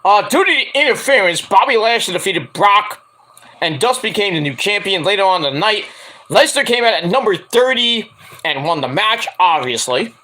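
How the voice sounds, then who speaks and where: A man hosts his own stream, running through wrestling news in a loose, rambling way, with plenty of jokes and swearing. His voice sits high and bright, and it is worn hoarse from a night of screaming. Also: animated, moderate pace. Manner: rambling, joking, profane. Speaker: stream host.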